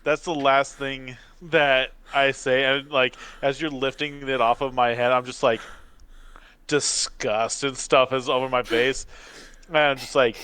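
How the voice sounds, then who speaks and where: A man's voice: mid-range voice, level tone, unhurried, sharp tone, clean tone, no room sound. Rambling man player at the table. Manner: rambling, filler-heavy. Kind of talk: casual tabletop play.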